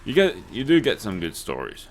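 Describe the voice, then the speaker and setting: A man's voice: fairly low pitch, huge pitch swings, fairly quick, slight background noise. Young man spinning yarns. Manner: swears freely, laughs through his stories. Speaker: let's play host. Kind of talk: casual storytelling over gameplay.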